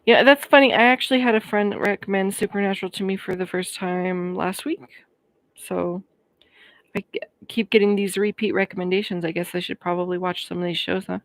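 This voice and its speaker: Steady in tone with a mid-range voice and no room sound, a woman in her thirties from Colorado, USA, runs a livestream. She reads viewers' comments and replies in easygoing chat, friendly and quick to laugh.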